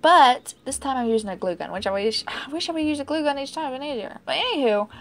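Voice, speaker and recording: Casting note: woman DIY vlogger, high-ish voice, rambling and chatty, self-mocking. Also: lively intonation, fast talker. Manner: chatty, rambling, laughs at herself. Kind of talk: casual DIY vlog narration.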